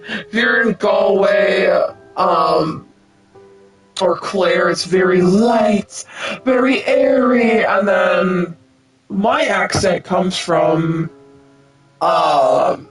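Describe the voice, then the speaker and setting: A man's voice: on the high side, a bit bright, rough recording. A man in his thirties from the United States, chatting casually while streaming a game, rambling and swearing with lots of fillers and restarts. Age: 30s.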